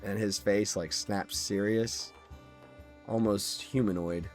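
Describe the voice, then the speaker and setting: A man's voice: fairly low pitch, fairly even intonation, slow pace, a little mellow, soft background music. A man narrating as game master in a laid-back way, chuckling and using many fillers.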